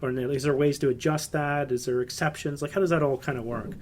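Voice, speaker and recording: A man's voice: medium pitch, fairly even intonation, fairly quick, slight background noise. A man from Canada hosting a podcast, asking hesitant, meandering questions. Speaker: podcast host. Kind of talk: casual podcast interview.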